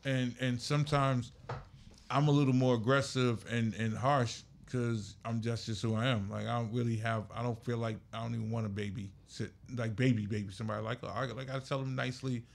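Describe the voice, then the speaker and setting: Gravelly-voiced man, blunt talk. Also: medium pitch, fairly even intonation, fairly quick. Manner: blunt, storytelling with laughs. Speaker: music manager, podcast guest. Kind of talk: casual podcast chat.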